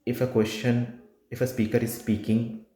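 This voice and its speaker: A man's voice: medium pitch, level tone, normal speed, dark tone, reverberant. A man coaching students for a speaking test, talking informally with emphatic repetition and frequent restarts. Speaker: test prep tutor.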